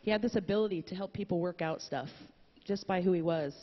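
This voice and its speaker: A woman speaking at a memorial, telling a story with pauses and fillers, then reading a poem aloud. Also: on the low side. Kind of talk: heartfelt eulogy and poem reading. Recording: dull audio with long hall reverb.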